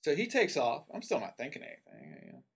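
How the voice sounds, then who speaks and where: A man's voice: mid-range voice, wildly swooping pitch, fast, vocal fry, slightly rough. A man from Tennessee telling a personal story in a casual, rambling way, full of asides. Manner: rambling, with many asides and fillers.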